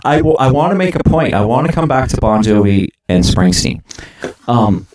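A man's voice: medium pitch, sing-song, a little mellow, reverberant, a little hiss or hum, rough recording. A man hosting a casual music chat, eagerly agreeing and chiming in often. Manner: eager, agreeable, quick to chime in.

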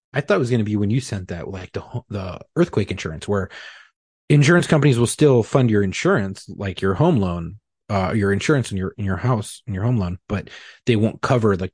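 A man on a podcast, telling a profane, animated story in casual chat. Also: lowish voice, breathy edge, no room sound, clean studio sound. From California. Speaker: podcast co-host.

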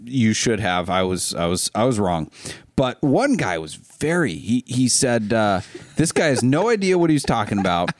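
A man's voice: fairly low pitch, normal speed, dry recording, studio quality. A middle-aged man from Ohio co-hosting a podcast, telling self-deprecating stories in casual chat. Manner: animated, self-deprecating storytelling. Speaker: podcast co-host.

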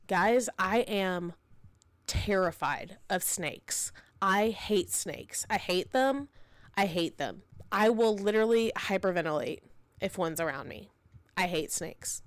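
A woman in her thirties, a podcast host and mother, telling a story in a casual, animated and dramatic way. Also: medium pitch, takes it slowly, no echo.

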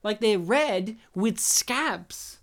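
A man's voice: sits high, animated, drawn-out words. A man co-hosting a casual film chat, joking around and spinning absurd made-up stories, often laughing as he talks. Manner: laughs often while talking. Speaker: podcast co-host reviewing films.

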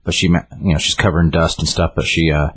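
A man's voice: very deep voice, level tone, fast talker, fairly bright tone, husky. A man casually retelling a book's story in a rambling way, with many restarts and fillers. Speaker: book reviewer.

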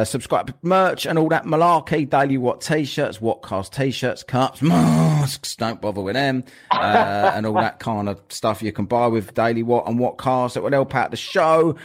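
A man hosting a podcast in a casual, jokey chat, rambling with plenty of fillers. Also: medium pitch. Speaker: podcast host.

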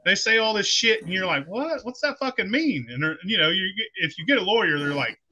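Bright-voiced profane storytelling man. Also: high-pitched, fairly quick, low-quality recording. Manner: profane, animated storyteller, acts out quotes. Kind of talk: casual podcast chat, storytelling.

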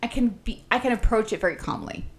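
A woman co-hosting a casual chat, expressive and frank, swearing freely as she talks. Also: on the high side, quick pace, vocal fry. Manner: expressive, swears casually, talks about her four kids. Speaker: podcast co-host.

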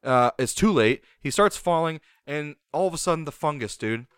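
A man co-hosting a casual podcast chat, retelling a movie scene by scene in an animated way, swearing freely and tossing in "dude". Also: a little high, normal speed, clean tone, dry recording, studio quality. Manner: animated storyteller, swears a lot, says "dude". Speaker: podcast co-host.

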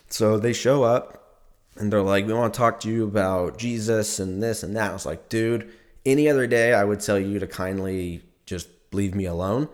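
A young man telling a rambling, profane story in a casual monologue, laughing often as he goes. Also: lowish voice.

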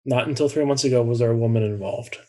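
A man in a casual discussion, speaking in a slow, measured way. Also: mid-range voice, dark tone.

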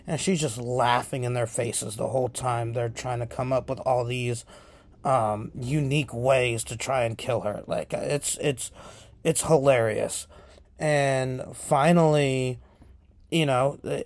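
Slow, dry-sounding man retelling films. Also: medium pitch, dry recording. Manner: profane, animated storytelling. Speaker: podcast host. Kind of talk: casual movie retelling.

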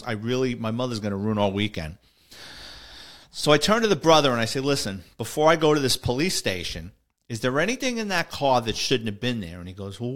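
A man's voice: medium pitch, fairly bright tone. A middle-aged man, a retired police officer, telling a story in a casual monologue and voicing the people in it. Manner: conversational, voices the people in his story.

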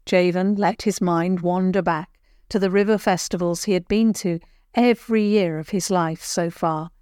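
An older woman narrates a children's story in a gentle, measured way. Her voice sits a little low, and the recording is close and dry. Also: dry recording.

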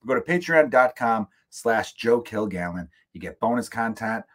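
A man's voice: lowish voice, expressive, normal speed. An American man hosting his own podcast, ranting casually with jokes, swearing and rambling asides into a close microphone. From United States. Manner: profane, joking, rambling asides. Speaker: podcast host. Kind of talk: casual solo comedic rant. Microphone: studio microphone, close.

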